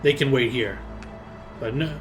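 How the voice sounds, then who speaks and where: A man's voice: medium pitch, unhurried, fairly bright tone, soft background music, close to an everyday voice. A man voicing a blunt, suspicious male goblin guard who talks in broken grammar. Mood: stubborn. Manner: broken grammar, gruff and stubborn.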